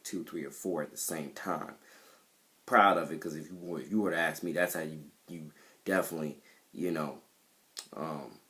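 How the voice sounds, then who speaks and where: Super deep voiced guy rambling about his songs, lots of ums and restarts, sure of himself. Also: fairly bright tone. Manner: rambling, repeats himself, many fillers; self-assured about his music. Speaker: independent rapper. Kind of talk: casual monologue to camera.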